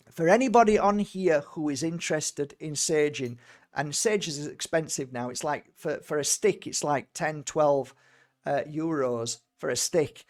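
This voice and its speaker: A man, a spiritual healer and medium, telling stories in casual conversation, emphatic and animated with many repeated words. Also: a little high, measured pace.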